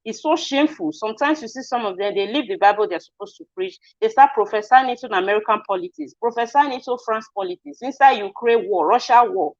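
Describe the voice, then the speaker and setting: A woman's voice: on the high side, fast talker, hardly any pauses, no room sound. A Nigerian woman hosting spoken news commentary, earnest and indignant. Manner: earnest, hesitant, then indignant. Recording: dry, dull lo-fi audio.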